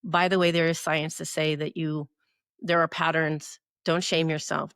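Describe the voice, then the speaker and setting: A woman's voice: low-pitched, little pitch movement, moderate pace, fairly bright tone, smooth, no room sound, clean studio sound. A middle-aged woman co-hosting a podcast, giving earnest motivational advice and often checking in with "right?". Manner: earnest, frequent "right?" tag questions. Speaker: podcast co-host.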